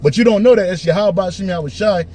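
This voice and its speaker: A man teaching and preaching in a forceful, emphatic way, often tagging his lines with "man" and restarting phrases. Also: high-pitched, quick pace, a little hiss or hum. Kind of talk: preaching street-style commentary.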